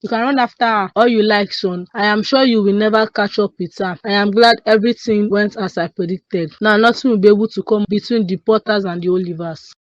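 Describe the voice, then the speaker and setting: A woman with a Nigerian accent voicing a scheming wealthy mother in an animated drama, speaking in a cool, lecturing way. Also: mid-range voice, brisk, hardly any pauses, dry recording, close to an everyday voice. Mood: smug. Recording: dull, dry lo-fi studio voice.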